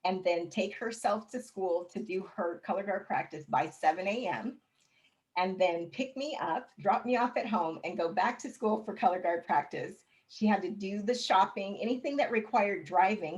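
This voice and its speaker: A woman telling her personal story as an interview guest, candid and expressive, with touches of humor. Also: mid-range voice, moderate pace, rough recording.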